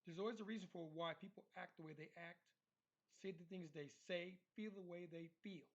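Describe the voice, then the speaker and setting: A man delivers emphatic commentary, hammering his points home by repeating them. His voice sits a little high, and the recording is dull and lo-fi. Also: fairly quick. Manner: emphatic, repetitive. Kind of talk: monologue commentary.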